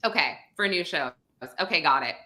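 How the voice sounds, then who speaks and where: Casting: bright, sharp-toned female host, rambling casual chat on a video call. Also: lowish voice, expressive, a little fast. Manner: chatty, rambling with fillers. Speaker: podcast host.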